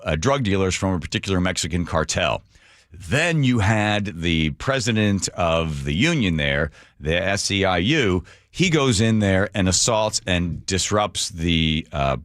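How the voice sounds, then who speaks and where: A man's voice: low-pitched, fairly bright tone, no echo. A man hosting a talk radio show, delivering sarcastic commentary full of mocking rhetorical questions into a studio microphone.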